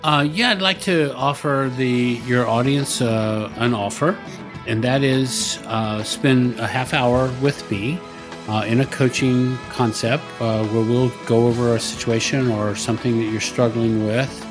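A man's voice: medium pitch, steady tone, a little slow, over music. Older man, rambling storyteller. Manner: rambling, many restarts and fillers, chuckles now and then. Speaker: podcast guest, business coach. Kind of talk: casual storytelling.

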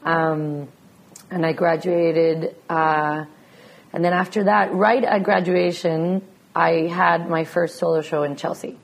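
A woman from Venezuela recounts her path as an artist in a deep, low voice. She tells it with animation and laughs easily. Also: fairly even intonation, takes it slowly. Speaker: guest artist. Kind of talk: casual interview chat.

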